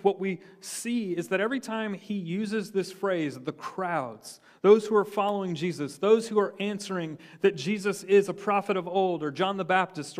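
A man preaching a sermon in a slightly high voice. He speaks earnestly, lifting his voice on key points and letting it fall low on the quieter lines. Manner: earnest preaching, rising for emphasis then dropping low. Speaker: pastor.

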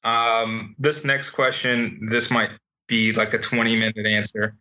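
A man's voice: fairly low pitch, little pitch movement, measured pace, sharp tone. A young man co-hosting a sports podcast, leading segments in joking casual chat. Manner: leads segments, joking, many ums. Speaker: podcast co-host. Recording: dull lo-fi home recording over call.

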